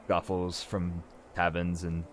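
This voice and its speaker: A man narrating as game master for a tabletop role-playing game, relaxed and hesitant with frequent fillers. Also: low-pitched, takes it slowly. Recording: faint background noise.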